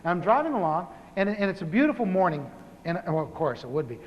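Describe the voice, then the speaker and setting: A pastor in his fifties tells his own testimony in a humorous sermon. He is an animated storyteller who repeats words for comic effect. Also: high voice, quick pace, highs cut off. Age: 50s. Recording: live talk in a reverberant hall with faint hiss.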